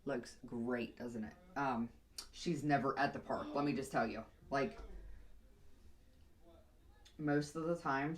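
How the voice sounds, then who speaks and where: Chatty woman rambling while styling hair. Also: very deep voice. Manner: rambling, chatty, with muttered asides to herself. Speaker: vlogger. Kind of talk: casual storytelling while doing her hair.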